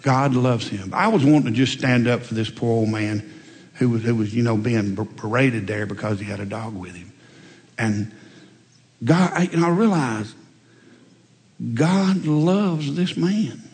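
A man preaching a sermon, telling folksy stories and swinging between loud emphatic lines and quiet asides. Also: fairly low pitch, normal speed. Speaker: pastor. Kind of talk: sermon with storytelling. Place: church sanctuary. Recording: long reverb in a large hall.

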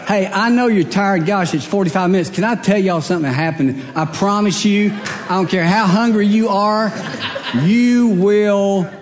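A man delivers a humorous sermon in the easy, joking manner of a storyteller. His voice sits slightly high for a man. It carries the long echo of a large church hall. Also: a little slow, pauses often. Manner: folksy, joking storyteller with frequent laughs. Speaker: pastor.

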